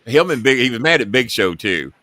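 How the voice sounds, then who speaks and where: A man's voice: medium pitch, very animated, a little fast, bright, forceful tone, dry recording. A middle-aged man hosting a talk show, telling a long story and acting out the quotes in it.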